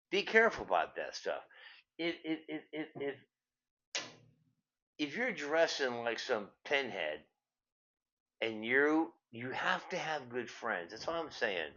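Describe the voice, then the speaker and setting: An older man hosts a show, ranting in a profane comedic style: he swears constantly, repeats words and drifts off on tangents. His medium-pitched voice is sing-song, pushed and bright, a little slow with frequent pauses, captured in dull lo-fi sound.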